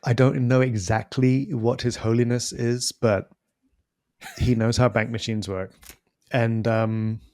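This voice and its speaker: A man co-hosting a podcast, telling a story in a casual, animated, self-deprecating way. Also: mid-range voice, takes it slowly, no echo. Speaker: podcast co-host.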